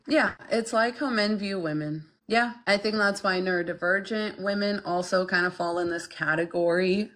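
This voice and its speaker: A woman's voice: medium pitch, moderate pace, few pauses, a bit bright. A young woman hosting a casual livestream, talking frankly and bluntly with lots of "like" and "you know", reading out and answering chat. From Ukraine. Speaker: podcast host reading chat.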